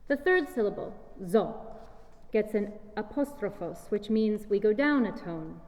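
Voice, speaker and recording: A woman giving a measured, explanatory talk as a singer presenting chant, recorded in a large hall. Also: medium pitch, lively intonation, darkish tone. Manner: measured, explanatory, sings short chant fragments. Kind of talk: scripted lecture-recital talk. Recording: reverberant hall.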